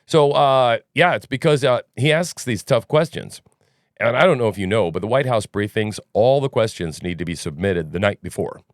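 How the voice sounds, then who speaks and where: A man's voice: fairly low pitch, animated, moderate pace, no room sound, clean studio sound. A man hosting a news commentary podcast, talking casually in a rambling, sarcastic way. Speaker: podcast host.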